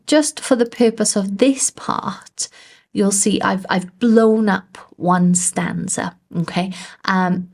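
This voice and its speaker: A woman with a British accent teaching a poetry lesson over a shared screen, patiently repeating lines slowly to show the stressed syllables. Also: on the low side, a little mellow. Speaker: English teacher.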